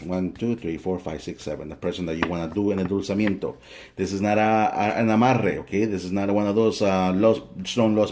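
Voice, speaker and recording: Male practitioner, low voice, casual joking tutorial delivery with occasional swearing. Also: a little mellow, a little hiss or hum. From family from El Salvador. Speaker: spiritual practitioner teaching a ritual.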